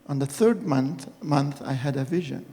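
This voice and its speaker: A man preaching a personal testimony sermon, telling his story in an earnest, halting way and re-enacting moments dramatically. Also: fairly high pitch, lively intonation, mellow. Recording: reverberant hall with faint music.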